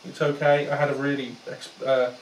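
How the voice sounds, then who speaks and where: A man's voice: mid-range voice, level tone, normal speed, slight background noise. Man, chatty storyteller, ums and restarts, distant mic, roomy sound. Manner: chatty, anecdotal, many fillers and restarts. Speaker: paranormal investigator giving a talk. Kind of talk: storytelling talk to an audience. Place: talk venue with small audience.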